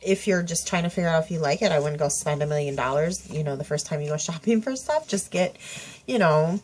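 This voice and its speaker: A woman's voice: deep voice, fairly quick, a little mellow. A woman, stuffy-nosed, rambling through a casual tag video at home with lots of fillers and self-corrections. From Minnesota. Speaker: craft vlogger. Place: home craft room.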